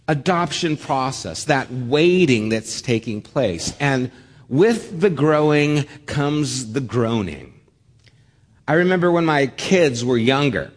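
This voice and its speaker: A middle-aged man preaching a sermon, reading scripture aloud in a measured, earnest way. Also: fairly high pitch. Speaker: pastor. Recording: long hall reverb.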